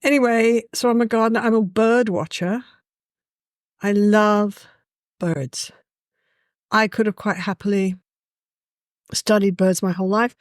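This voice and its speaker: An Englishwoman appears as a guest, telling stories in a relaxed, conversational way and saying "you know" a lot. She sounds lively and warm-hearted, with a medium-pitched voice, a slightly slow pace and long pauses. The recording is dry and studio quality.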